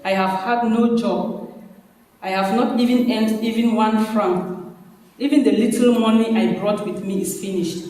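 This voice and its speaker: A man's voice: high voice, steady tone, a little slow, a little mellow, far from the mic. A man reading aloud as a broke, homesick young male migrant who talks earnestly about his struggle, in an echoey hall. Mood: worried. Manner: earnest, self-urging.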